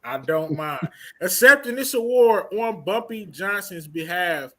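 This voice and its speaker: A man's voice: sits high, lively intonation, measured pace, sharp tone. A man hosting a review show in a casual chat, hyping up his big announcements and stretching out titles.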